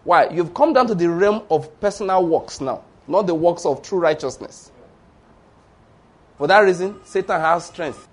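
A man preaching a sermon, animated and acting out the voices of people in his stories. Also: high voice, measured pace. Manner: animated, acts out voices of Satan and church members.

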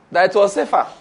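A man preaching a sermon in an animated, playful way, laughing often and having the audience repeat phrases after him. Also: high voice, gravelly, breathy edge.

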